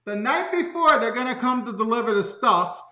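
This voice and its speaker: A man's voice: very high-pitched, animated, normal speed, bright, forceful tone, reverberant. A man ranting casually in a vlog from his home studio, tagging nearly every point with a questioning "okay?". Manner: rants, constantly adding "okay?". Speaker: vlogger.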